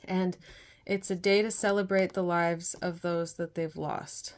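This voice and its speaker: A young woman from northern Canada, talking earnestly and carefully through a doll unboxing, with soft whispered asides. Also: on the low side, flat delivery, measured pace. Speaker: doll collector and vlogger.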